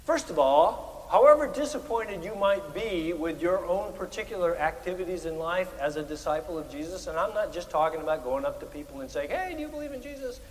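A man preaching a Presbyterian sermon, animated, with emphatic rises on key words. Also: fairly high pitch, brisk, hardly any pauses, long reverb tail, slight background noise, poor audio. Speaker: pastor.

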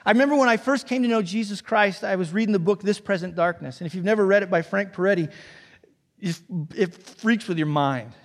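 High-voiced pastor preaching in a reverberant hall. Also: male voice, a little fast. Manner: animated storytelling, acts out quoted voices, drops to a hushed near-whisper. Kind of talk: sermon.

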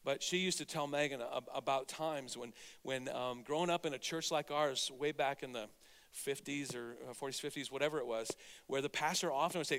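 A man preaching a sermon as pastor, getting over a cold, energetic and exhorting, swinging from loud to hushed. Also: mid-range voice, a little fast, in a large hall. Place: church sanctuary.

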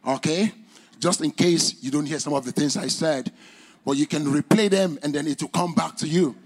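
A man preaching a sermon in English with a non-native accent, using formal, old-fashioned wording and swinging between loud, high exclamations and quiet, low drops. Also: moderate pace, slightly rough. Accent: non-native English accent, speaker's own mention. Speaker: pastor.

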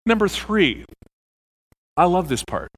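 A man preaching a sermon as pastor, animated, acting out the voices in his stories. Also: high voice, slow pace, husky.

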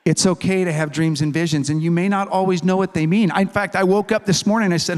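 A man's voice: sits high, fast. Man preaching in a reverberant hall. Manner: animated storytelling with acted-out dialogue; conversational and humorous. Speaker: pastor. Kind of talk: sermon. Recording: long reverb of a large hall.

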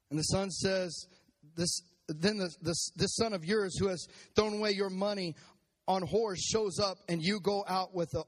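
High-voiced man preaching with call-and-response. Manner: animated, prompts the audience to repeat lines. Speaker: pastor. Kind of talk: sermon with congregation call-and-response. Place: church service.

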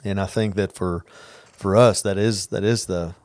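A man's voice: low-pitched, steady tone, unhurried, darkish tone, no room sound. A church staff member on a podcast in an office studio, speaking sincerely and now and then losing his train of thought. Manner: sincere, loses his thread. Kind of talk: casual church podcast chat.

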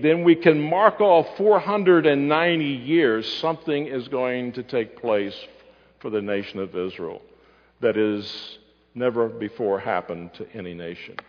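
A man preaching a Bible-teaching sermon, quizzing his listeners and answering himself. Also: medium pitch. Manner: asks the audience questions and answers them. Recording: muffled hall recording with long reverb.

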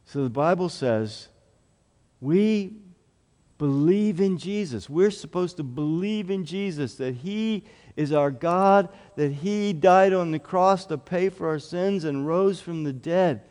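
A male pastor giving a children's sermon in simple, earnest words, stopping to ask the children questions. He speaks slowly in a slightly high voice, and his words carry a long reverb through the church. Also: lively intonation, darkish tone.

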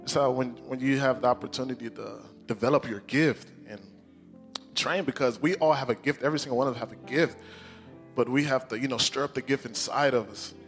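Emotional pastor preaching a sermon. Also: male voice, mid-range voice, a little fast, in a large hall, soft background music. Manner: emotional, excitable, laughs often.

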